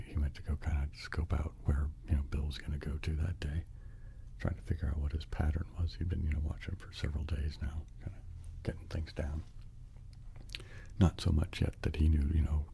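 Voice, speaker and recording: A man's voice: extremely low pitch, creaky, dark tone, a little hiss or hum. A man telling a whispered ASMR bedtime story, rambling along with many fillers and restarts.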